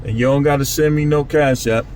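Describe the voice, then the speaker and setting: A man's voice: mid-range voice, steady tone, fairly quick, a little mellow, slight background noise, low-quality recording. A man talking casually to his channel in a loose, repetitive street-talk way. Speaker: channel host. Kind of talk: casual monologue vlog.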